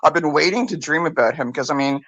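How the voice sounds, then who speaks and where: A woman's voice: sits low, fast talker, fairly bright tone, no echo, dull audio. An older woman co-hosting a podcast, rambling chattily through a story with many restarts. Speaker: podcast co-host. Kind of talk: casual chat, storytelling.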